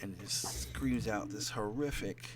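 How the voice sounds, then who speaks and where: A man's voice: on the low side, unhurried. A man running a tabletop game as dungeon master, narrating in a rambling way with lots of fillers.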